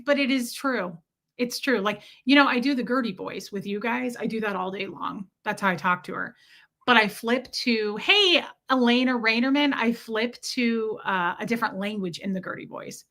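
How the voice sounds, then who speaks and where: Female streamer, casual chat host; bright, slightly high voice, lively delivery. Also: moderate pace. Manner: chatty and animated, replies to viewers by name. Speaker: livestream host reading chat.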